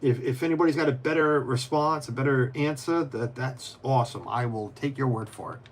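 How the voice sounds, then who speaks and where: A man's voice: medium pitch, a little fast, slight background noise. Rambling man chatting on a live stream. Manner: rambling, many restarts, answers viewers by name; mutters to himself while fiddling with pieces. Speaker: livestreamer. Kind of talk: casual live-stream chat while building.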